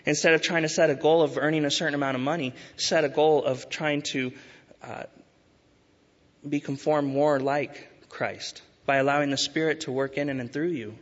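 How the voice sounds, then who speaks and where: This pastor's voice sits a little high and stays fairly even in intonation. Delivering a sermon in an echoing hall, he urges earnestly with emphatic rises and slow, stressed words, and the audio is dull with lengthy reverb.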